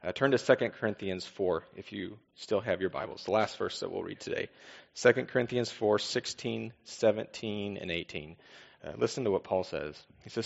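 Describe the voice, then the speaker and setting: A man preaches in a low, easy voice, leaning on rhetorical questions and repeated refrains. The recording is dull and lo-fi. His words ring out with a long hall reverb. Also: normal speed, vocal fry. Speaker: pastor. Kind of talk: sermon.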